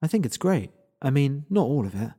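A man voicing a young woman who speaks in a cool, deadpan way and teases her friend. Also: medium pitch, brisk, husky, pitched above the performer's own voice. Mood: teasing.

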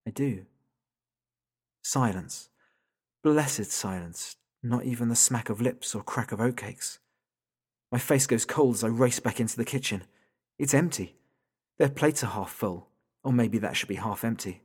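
A man's voice: lively intonation, moderate pace. Tense man narrating a thriller. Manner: tense and rising, pitch jumping up in panic on questions. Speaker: narrator, father of small children. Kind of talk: first-person audiobook narration.

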